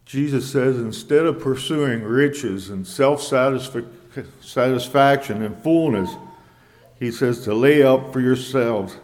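Slow, measured male preacher in a reverberant hall. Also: mid-range voice, a little mellow. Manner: slow, measured preaching with scripture quoted in old English. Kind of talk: sermon.

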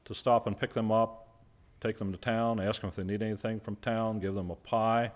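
A man's voice: lowish voice, flat delivery, moderate pace. A man preaching a sermon, who puts questions to his listeners and answers them himself, and stresses key words by repeating them.

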